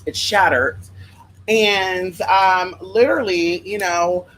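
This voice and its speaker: A spiritual worker telling rambling stories to viewers in a sassy, profane, animated way, often drifting into side tangents. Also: takes it slowly, slight background noise, poor audio. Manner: profane, sassy and animated, with big pitch swings. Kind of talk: casual storytelling to viewers.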